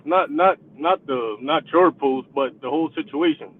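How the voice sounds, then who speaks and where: A man calling in to a live stream, speaking hesitantly with many pauses and restarts. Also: on the high side. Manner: hesitant, halting. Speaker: caller. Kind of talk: casual call-in chat. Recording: tinny phone-like call audio.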